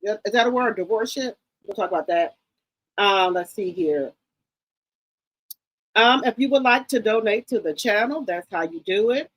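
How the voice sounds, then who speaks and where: A woman hosting a casual live stream who greets viewers by name with repeated hellos and chats in a gossipy, excitable way. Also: mid-range voice, normal speed, pauses often, poor audio. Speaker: live-stream commentary host.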